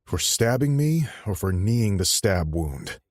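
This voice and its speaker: A woman voicing a scarred, ruthless grown-man mafia boss in an audiobook, in a low, slow murmur. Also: big pitch swings, a little mellow, no echo, studio quality, full character voice. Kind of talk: audiobook character voice.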